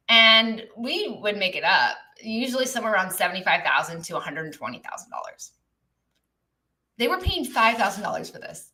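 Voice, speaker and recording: A woman's voice: medium pitch, sing-song, moderate pace, bright, forceful tone, rough recording. A woman business coach talking casually to viewers on a live stream, chatty and reflective, with lots of fillers and asides. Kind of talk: live-stream teaching talk. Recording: live online broadcast.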